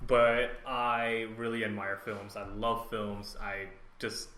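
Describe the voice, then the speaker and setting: A man's voice: on the low side, flat delivery, takes it slowly, sharp tone, echoey room, a little hiss or hum. A man co-hosting a casual film podcast, talking in a laid-back way and swearing freely. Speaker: podcast co-host. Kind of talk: casual chat.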